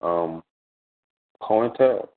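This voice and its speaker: A man with a fairly low voice talks in an unhurried, measured way, often stopping to check in with "you know". The line is narrow and phone-like, as on call-in radio. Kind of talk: casual radio talk.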